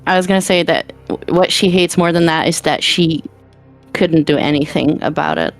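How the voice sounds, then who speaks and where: A woman's voice: deep voice, fairly even intonation, normal speed, faint music behind. A woman playing a tabletop game, describing her character's feelings in a hesitant, thoughtful way. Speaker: player.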